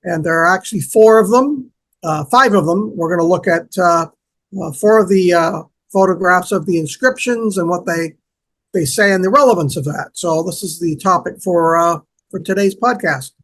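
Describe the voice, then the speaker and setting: Relaxed Canadian man, guest expert. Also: high voice, normal speed, rough recording. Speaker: guest archaeologist. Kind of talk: interview chat and explanation.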